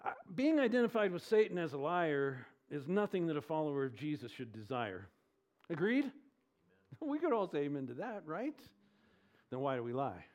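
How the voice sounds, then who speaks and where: Emphatic preacher man, fairly high voice. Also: very animated, muffled recording. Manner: emphatic, asks the congregation questions; swings between loud and low, drawn-out stresses. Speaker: pastor. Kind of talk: sermon.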